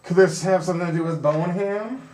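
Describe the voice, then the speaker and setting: A man's voice: high-pitched, quick pace, a little mellow. A man hosting a comedy sports talk show, asking questions in a dry, teasing way. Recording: roomy sound from a distance.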